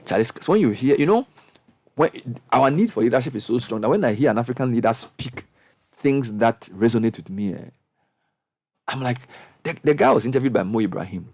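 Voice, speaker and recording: A middle-aged man with a Ghanaian accent, hosting a radio panel discussion and speaking with impassioned, animated energy that climbs into high exclamations. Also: fairly quick, dry recording, clean studio sound. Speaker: radio show host.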